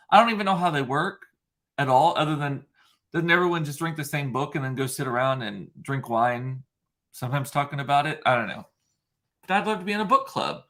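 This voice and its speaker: A man's voice: fairly high pitch, pushed and bright. A man hosting a casual solo chat show, talking in a chatty, rambling way with frequent fillers. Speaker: host.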